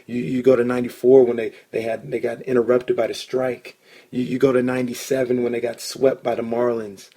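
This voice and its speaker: A man hosting a casual sports podcast, an excitable storyteller who swears when he gets worked up. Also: mid-range voice, brisk, husky. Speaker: podcast host.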